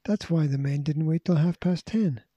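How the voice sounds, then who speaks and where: A man's voice: a little high, moderate pace, warm tone, breathy edge, no echo. A man voicing a determined, anxious tomboy girl who speaks urgently and pleads, in a storybook reading.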